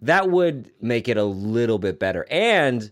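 A man co-hosting a casual podcast chat, animated and joking, swearing casually. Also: medium pitch, a little slow. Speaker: podcast co-host.

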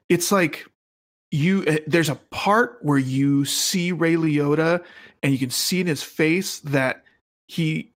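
A man in casual film talk, enthusiastic and halting, with many restarts. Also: on the high side.

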